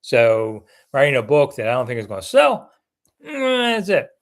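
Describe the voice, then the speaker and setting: A man's voice: medium pitch, wildly swooping pitch, normal speed. An older man hosting a casual live sports chat, blunt and chatty as he reads viewer comments and answers them.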